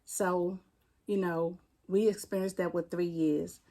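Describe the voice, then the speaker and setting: Mellow-voiced D.C. woman recounting her loss. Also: on the low side, steady tone. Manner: plainspoken, halting, retelling a painful loss. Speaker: interview guest, firefighter. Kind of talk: personal storytelling in an interview.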